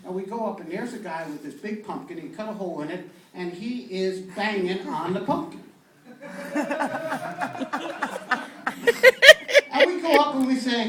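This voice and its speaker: A man's voice: high voice, lively intonation, unhurried, long pauses. Male stand-up comic in an echoey club. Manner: anecdotal cop stories told with many uh fillers and restarts. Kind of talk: stand-up joke telling. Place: comedy club stage. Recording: echoey club from a distant mic with faint noise.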